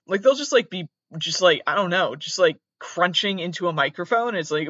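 A man's voice: high-pitched, very animated, fairly quick, few pauses, sharp tone, no echo, lo-fi sound. A young man hosting a podcast, rambling in a casual, jokey, self-mocking way, talking into a laptop mic. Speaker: podcast host.

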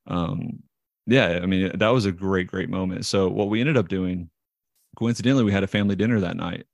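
A man with a low, gravelly voice talks through long stories as an interview guest. He restarts his sentences often and pokes fun at himself. The sound is dry and close. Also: fairly quick, no room sound. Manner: rambling, self-deprecating, restarts often. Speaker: interview guest, baseball player. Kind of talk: casual storytelling interview.

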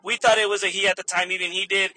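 A man's voice: high-pitched, flat delivery, quick pace, pushed and bright, slight background noise. A young man, a store manager, animatedly telling a story in a casual vlog, swearing freely and laughing often.

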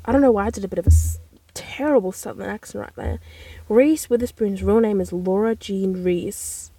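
A young woman, hosting a casual solo podcast from inside a parked car, rambling and chatty with animated exclamations. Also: medium pitch, normal speed, gravelly, slightly rough, no echo. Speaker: podcast host.

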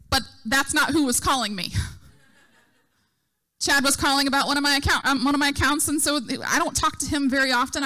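A woman's voice: high voice, pushed and bright. A middle-aged woman preaching a sermon, telling a story and acting out the voices she quotes.

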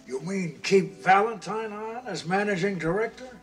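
An actor playing a wealthy, scheming businessman in a film clip, speaking in a measured, plummy way. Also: high-pitched, lightly acted. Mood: smug. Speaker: film character. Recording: film clip with music behind.

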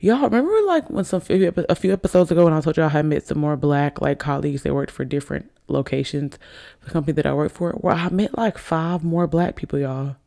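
A woman's voice: low-pitched, fairly even intonation, quick pace, creaky, dark tone. A young woman from Alabama, slightly tipsy, hosting a casual solo podcast and rambling chattily to her listeners. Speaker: podcast host. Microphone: desk microphone on camera.

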